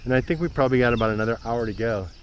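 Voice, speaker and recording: An easygoing man of middle pitch narrates his travel vlog out loud as he hikes a mountain trail, chatty and eager about what he passes. Crickets and insects hum faintly behind him in the open air. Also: racing. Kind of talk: casual walking narration to camera.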